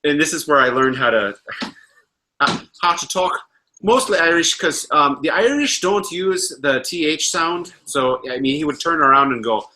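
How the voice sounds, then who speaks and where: A man's voice: a little high, expressive, moderate pace, pushed and bright, a little hiss or hum, rough recording. A man hosting a livestream, telling a casual, rambling story, laughing often and swearing freely. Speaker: livestream host.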